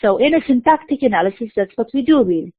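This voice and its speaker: A woman giving a recorded university lecture, explaining slowly and mixing in terms. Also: fairly high pitch, expressive, breathy edge, no room sound. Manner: explains slowly, spelling out letters, slipping into Arabic terms. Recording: dry tinny phone-like recording.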